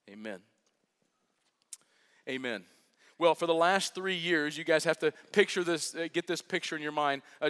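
A man with a high voice preaches to his church in a casual, joking way. He slows right down to stress his key phrases. The sound carries a long echo from a large hall. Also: fairly bright tone, clean tone. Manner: casual, joking storytelling with slow emphatic phrases. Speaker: pastor. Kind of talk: sermon.

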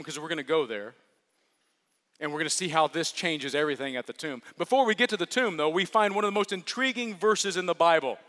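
A man preaching a sermon as pastor, earnest and repetitive, swinging from hushed to emphatic. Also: fairly high pitch. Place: large church hall. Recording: long reverb of a large hall.

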